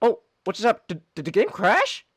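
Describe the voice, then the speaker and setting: High, lively man reacting to gameplay. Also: fairly quick, slightly rough, dry recording. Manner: excitable, loud outbursts and stammered restarts while gaming. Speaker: podcast host playing a video game. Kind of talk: casual live-stream chat.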